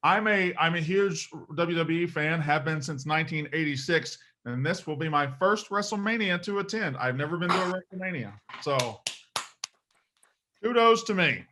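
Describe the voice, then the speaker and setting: A man's voice: a little high, animated, moderate pace, sharp tone. A man hosting a casual interview in a joking, self-deprecating way. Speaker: podcast host.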